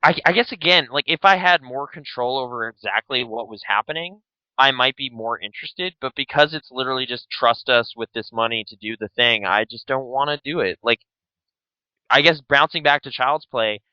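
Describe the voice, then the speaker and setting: A man co-hosts a podcast in loose casual chat, rambling and grumbling with a mock-grouchy edge. His voice is smooth and clear. The sound is dry and slightly dull. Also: mid-range voice, normal speed, sharp tone, no room sound. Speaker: podcast co-host.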